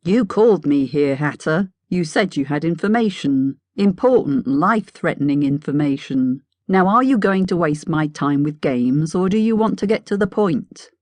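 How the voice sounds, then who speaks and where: A woman's voice: low voice, lively intonation, moderate pace, few pauses, darkish tone, no room sound. An impatient, weary hero, as a woman narrator voices him, clipped and exasperated. His lines come curt and pressing, a plain audiobook character voice recorded dry.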